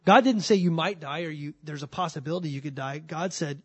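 A man preaching a sermon as pastor, emphatic and repeating words as he starts a thought, slowing down to read scripture. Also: on the high side, a bit bright, breathy edge, dull audio.

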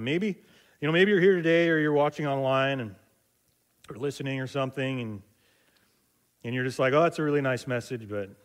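A middle-aged man preaching a sermon, telling stories in a loose conversational way with many fillers and restarts and acting out the voices of people in them. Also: mid-range voice. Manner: acts out quoted voices in dialogue. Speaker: pastor.

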